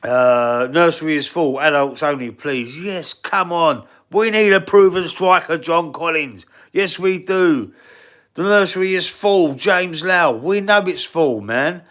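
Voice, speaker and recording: A man's voice: fairly high pitch, measured pace, fairly bright tone. A man with a Cockney accent hosting a casual football live stream, blunt and swearing freely as he answers the chat. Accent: London Cockney. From England.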